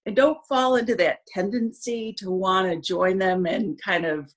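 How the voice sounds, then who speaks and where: A woman speaking as a hockey parent in a casual podcast discussion, measured and with frequent fillers. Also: medium pitch, fairly even intonation.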